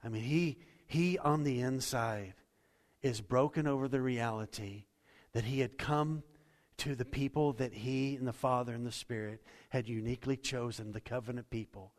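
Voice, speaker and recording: Man, pastor, mid-pitched voice, earnest sermon, folksy storytelling, long church reverb. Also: normal speed. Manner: earnest, swings between hushed intensity and louder emphasis; conversational, folksy storytelling with restarts.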